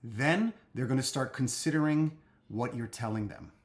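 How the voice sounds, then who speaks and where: A man's voice: mid-range voice, normal speed. A man speaking to parents in a casual advice talk, conversational, often checking in with "okay?" and restarting his sentences.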